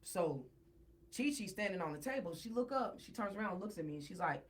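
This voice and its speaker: Animated woman telling a story. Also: mid-range voice, brisk, slight background noise. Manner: animated, repeats words when worked up. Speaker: guest. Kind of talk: casual storytelling.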